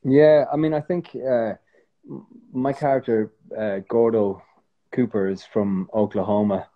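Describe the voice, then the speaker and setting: An Irish man talking casually as a guest in an interview, relaxed and rambling, with many fillers and restarts. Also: mid-range voice, a little slow, phone-quality sound. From Ireland.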